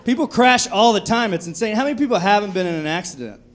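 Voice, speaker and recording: A man's voice: sits high, expressive, fast. A young man doing a profane, conversational stand-up set on a comedy club stage into a handheld mic. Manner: profane, conversational, acts out drunk voices.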